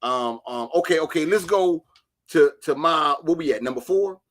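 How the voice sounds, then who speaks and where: Profane dude in casual chat, bright tone, gets loud in bursts. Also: male voice, fairly high pitch, normal speed. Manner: animated, profane, jumps to shouting in bursts. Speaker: podcast co-host.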